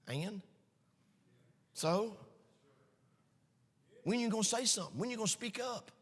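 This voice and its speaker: A man preaching a sermon, emphatic and storytelling, swinging between shouts and hushed asides. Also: high-pitched, lively intonation, normal speed, pauses often, husky, big-room sound. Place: church sanctuary.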